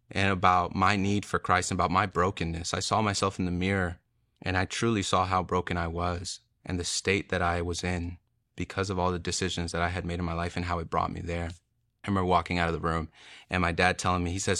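A young man with a low but bright, forward voice tells his personal testimony, earnest and emotional, stepping into quoted dialogue as he goes. The recording is dry and close, with little room sound. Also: fairly even intonation, moderate pace, dry recording. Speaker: testimony speaker.

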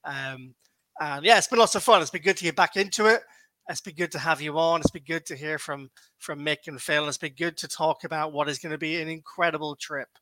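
A man's voice: on the high side, sharp tone, no echo. A man hosting a casual fan podcast, upbeat and chatty as he wraps up the show. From Ireland or Britain. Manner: upbeat, wraps up with thanks to listeners. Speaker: podcast host.

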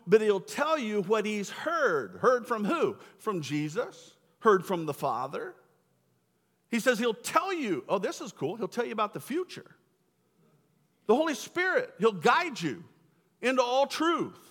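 Enthusiastic young preacher with a bright voice. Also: male voice, very high-pitched, big pitch swings, measured pace. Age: young adult. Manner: enthusiastic, casual slang. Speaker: pastor. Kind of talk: sermon. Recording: echoey hall.

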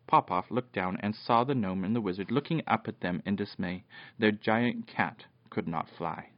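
A father reading a children's storybook aloud at bedtime, animated, with occasional slips and restarts. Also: on the low side, moderate pace, dry recording. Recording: dull, dry lo-fi home recording.

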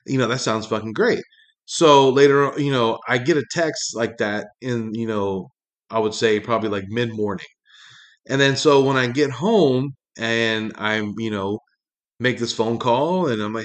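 A man hosting a talk show, ranting in a loose, profane monologue full of fillers, his pitch jumping up when he gets angry. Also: normal speed. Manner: rambling, heavy swearing, many fillers, pitch jumps when angry. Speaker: podcast host.

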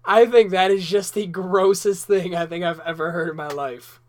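A man co-hosting a podcast, joking crudely and getting excited in casual banter. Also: high voice, normal speed. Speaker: podcast co-host.

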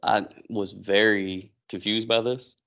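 Gravelly low-voiced man, lively recap. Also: takes it slowly. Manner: animated retelling, acting out quotes. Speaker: podcast co-host. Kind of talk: casual recap chat. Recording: dull lo-fi recording.

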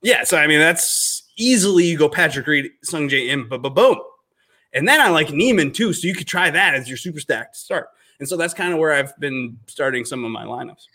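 A man's voice: fairly high pitch, brisk. A man in his thirties from Minnesota with a Minnesota accent, chatting casually on a podcast and telling stories with exaggerated outbursts. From Minnesota, US Midwest. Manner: animated storyteller, jumps into exaggerated outbursts. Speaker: podcast guest, realtor.

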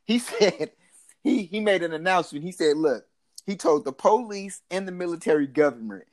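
Animated laughing man from Oakland. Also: high voice, normal speed. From Oakland, California. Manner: laughs often, animated storytelling with loud shouts. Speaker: podcast co-host. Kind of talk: casual banter.

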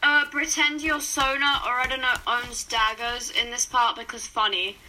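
High, bright, excitable young woman. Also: normal speed, a little hiss or hum, low-quality recording. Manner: excitable, voices characters, swears and laughs. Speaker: co-reader of a fan story. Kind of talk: casual reaction reading.

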